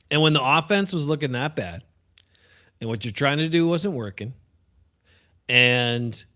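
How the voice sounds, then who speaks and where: A man co-hosting a casual sports chat, with a voice pitched a little above average. He presses his points emphatically and laughs easily with his partner. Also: a bit bright. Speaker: sports podcast co-host.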